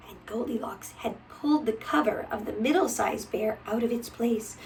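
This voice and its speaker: A woman reading a picture book aloud to a child, gentle and often dropping to a whisper. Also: a little high, normal speed, far from the mic, a little hiss or hum, low-quality recording.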